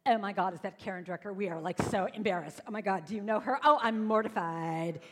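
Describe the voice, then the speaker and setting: A woman's voice: mid-range voice, fairly quick, husky, natural voice. A woman voicing snobby teenage Valley Girl classmates who drawl and mock, in an echoey hall. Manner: drawling, eye-rolling.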